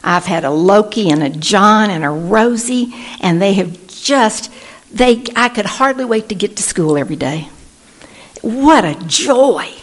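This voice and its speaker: With lively intonation at a medium pitch and normal speed, a woman from Texas tells her personal story at a recovery meeting. She's earnest and acts out the voices of the people she quotes.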